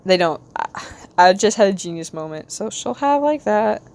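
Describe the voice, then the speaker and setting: An American woman with a light Southern accent, rambling casually to her stream while she draws, talking to herself with quick bursts of excitement. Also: mid-range voice. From United States. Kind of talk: casual live-stream chat while drawing.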